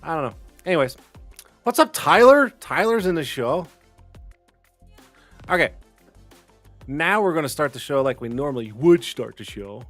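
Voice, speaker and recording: A man hosting a casual live-stream talk show, rambling and excitable, swearing freely. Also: fairly high pitch, moderate pace, pauses often, no echo, soft background music. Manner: rambling, profane and excitable, with frequent restarts and laughs. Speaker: livestream talk show host.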